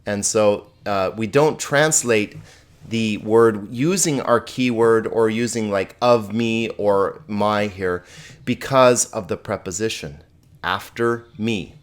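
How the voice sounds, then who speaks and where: A man teaching a recorded lesson, patient and slow to explain, who often puts questions to the listener. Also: fairly low pitch. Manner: patient, explains slowly, asks the viewer questions. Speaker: Greek teacher.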